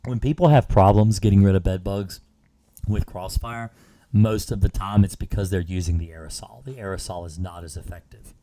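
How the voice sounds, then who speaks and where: A man's voice: sits low, fairly even intonation, moderate pace, warm tone. A tired man hosting a live stream, explaining step by step how to treat a car, speaking plainly and repeating his points. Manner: plain, instructive, repeats himself. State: tired, hiccups. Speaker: pest control host.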